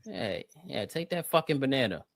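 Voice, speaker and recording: A man's voice: medium pitch, sing-song, moderate pace, gravelly, no echo, soft background music. A man co-hosting a show, teasing his friends and laughing through the banter. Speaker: co-host. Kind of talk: casual group banter.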